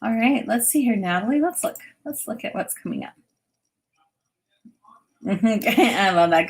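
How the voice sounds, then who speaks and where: A middle-aged woman hosting a live stream, chatting warmly and giving intuitive readings to viewers. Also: medium pitch, lively intonation, unhurried, pauses often. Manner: bubbly, chatty, reads viewer comments aloud, laughs often. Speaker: intuitive reader and host.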